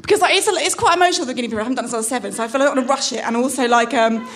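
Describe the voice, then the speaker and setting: Woman comic, rapid halting stand-up, high-pitched, self-mocking. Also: a crowd in the background, noisy background. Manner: halting, self-deprecating, many restarts. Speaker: stand-up comedian. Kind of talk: stand-up set. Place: comedy club stage.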